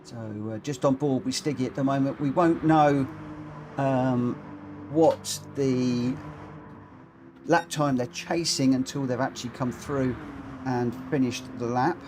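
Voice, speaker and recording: A man hosting and commentating online racing in a chatty, excitable, jokey way over a live stream. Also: mid-range voice, unhurried. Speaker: race commentator and lobby host. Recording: game audio noise behind.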